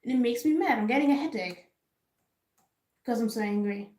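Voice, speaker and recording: A woman's voice: a little high, normal speed, darkish tone. A woman vlogger giving casual ranting commentary, frustrated and emphatic, repeating herself for stress. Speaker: K-pop vlogger. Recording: roomy echo.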